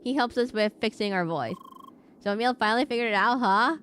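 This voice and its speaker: A woman's voice: a little high, brisk, a bit bright, slight background noise. A woman streaming a video game, chatting in a rambling casual way with many fillers and restarts. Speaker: VTuber streamer.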